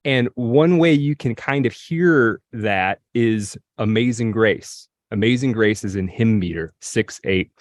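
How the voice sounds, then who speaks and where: A man co-hosting a podcast, explaining poems in a lecturing way and reading verse aloud slowly, often clearing his throat. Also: fairly low pitch, no echo. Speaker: podcast co-host.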